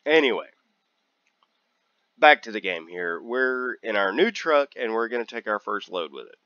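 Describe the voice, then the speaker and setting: A man's voice: on the low side, big pitch swings, normal speed, sharp tone, dry recording, lo-fi sound. A man hosting a casual gameplay video, joking and rambling, drawing out and repeating words as he talks. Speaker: gaming channel host.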